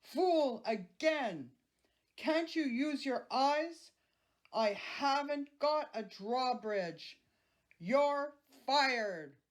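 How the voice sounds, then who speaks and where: A woman doing a booming grumpy giant. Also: animated, slow, mellow. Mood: raging. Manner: gruff, booming. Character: greedy grumpy male giant.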